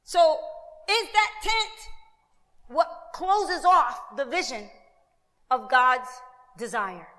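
A woman pastor preaching a lively sermon, acting out quoted voices with asides to the congregation. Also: sits high, drawn-out words, long pauses, big-room sound.

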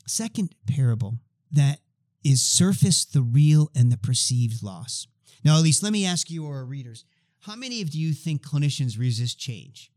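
A man in his fifties talks as an interview guest, spinning lively stories and playing out the dialogue. His voice sits a little high for a man. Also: normal speed. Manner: animated, acts out dialogue in stories. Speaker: guest expert on healthcare change. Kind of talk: conversational storytelling.

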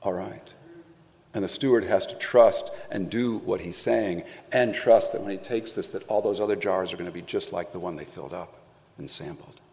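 A pastor preaching a conversational sermon, telling the story playfully with acted asides. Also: male voice, deep voice, a little fast, vocal fry, a little mellow, in a large hall.

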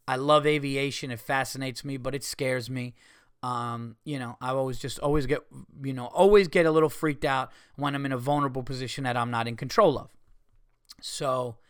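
A man's voice: mid-range voice, a bit bright, clear, resonant tone, no echo, clean studio sound. A man hosting a podcast, telling a story casually and animatedly, swearing, acting out what people said and making sound effects. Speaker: podcast host and comedian.

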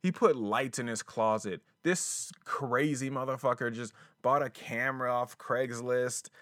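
Solo male podcast host, mid-pitched and casual, cursing freely and drifting between topics; very dry, close sound from a closet studio. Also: a little slow, fairly bright tone, dry recording. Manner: profane, rambling, slangy. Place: small closet home studio.

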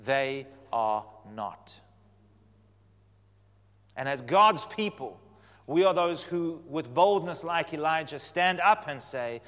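Preacher in a reverberant hall. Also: male voice, on the high side, slow pace, long pauses. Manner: animated storytelling, swinging from loud to hushed. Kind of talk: sermon.

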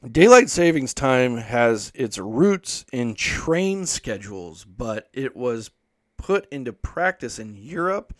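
A man hosting a podcast, telling a rambling, profane story in casual monologue and reading articles aloud with his own asides. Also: mid-range voice. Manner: profane, rambling, animated when quoting himself. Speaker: podcast host.

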